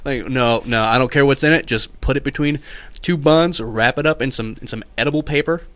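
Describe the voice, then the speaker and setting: A man's voice: mid-range voice, fairly quick, fairly bright tone, no echo. A man co-hosting a casual round-table podcast, sarcastic and laughing often as he talks. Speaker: podcast co-host.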